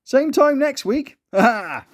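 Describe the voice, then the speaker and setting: A man's voice: high-pitched, sing-song, brisk, darkish tone, voice pushed up. A mischievous schemer, giggling and sly, his voice bouncing up and down, as a man acts him out. He sounds pleased with his own naughty plans in a storybook reading.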